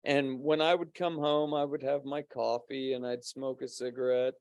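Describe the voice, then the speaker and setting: In a medium-pitched, slightly mellow voice with little pitch movement, this guest, who co-hosts a paranormal podcast, rambles through a story at normal speed. The chat is casual, full of laughter and cursing, and there's no echo.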